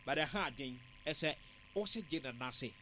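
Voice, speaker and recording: A man giving football analysis on a sports talk show, in a measured, analytical way. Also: on the high side, expressive, sharp tone, a little hiss or hum.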